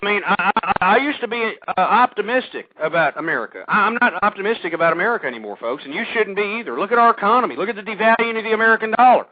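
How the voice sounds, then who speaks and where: A man hosting an internet talk radio show, speaking in a rambling monologue that stumbles over repeated words and turns loud and heated. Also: high voice, lively intonation, very fast, few pauses, no room sound. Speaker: radio host. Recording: tinny phone-line sound, dry.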